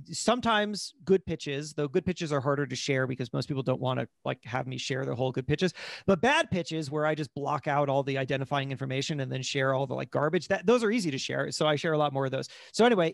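A man, a magazine editor, talking casually as an interview guest, telling stories in an animated way with quick asides and restarts. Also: fairly high pitch, gravelly, no echo, clean studio sound. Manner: animated storyteller, fast asides, frequent restarts.

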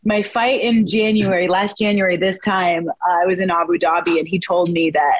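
A woman's voice: fairly low pitch, fairly even intonation, moderate pace, no room sound, poor audio. A young woman from Washington state, a fighter, telling stories in a chatty interview, filling her speech with "like" and acting out what others said. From United States, Washington state. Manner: chatty, lots of "like", acts out quotes. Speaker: guest fighter. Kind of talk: casual interview storytelling.

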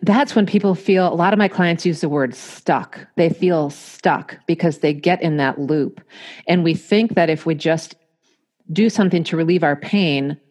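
A woman hosting a casual podcast conversation who asks thoughtful, measured questions. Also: deep voice, darkish tone. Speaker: podcast host.

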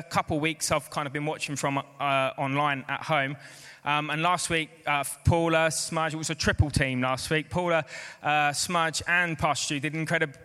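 A man's voice: a little high, bright, forceful tone. A man preaching a sermon as pastor, calling out to the congregation for amens. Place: church hall. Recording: echoey church hall.

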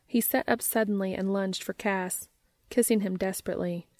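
A woman reading a romance story aloud in a calm, steady narrating voice. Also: mid-range voice, normal speed, no echo. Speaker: fan fiction reader.

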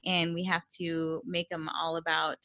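Bright-voiced giggly woman podcast host. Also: deep voice, flat delivery, a little slow, no room sound. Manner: giggly, chatty. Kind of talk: casual podcast chat.

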